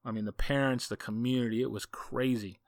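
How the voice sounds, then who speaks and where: A man coaching football tells a story in a casual, rambling monologue. He speaks with folksy enthusiasm, his voice sitting at an everyday middle pitch. The sound is dry and close, with no room echo. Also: fairly even intonation, fairly quick. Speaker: football coach and podcast host.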